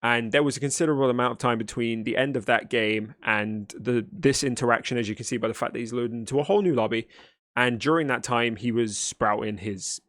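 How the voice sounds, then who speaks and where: A man's voice: medium pitch, fairly quick, a bit bright, no echo, studio quality. A man reacting to a video, arguing back in a blunt, exasperated, lecturing way. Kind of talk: argumentative reaction commentary.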